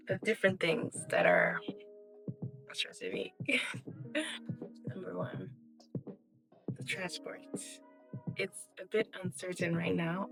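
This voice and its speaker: A young woman vlogging to camera in a casual, tired, rambling way, with a low, quiet voice. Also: gravelly.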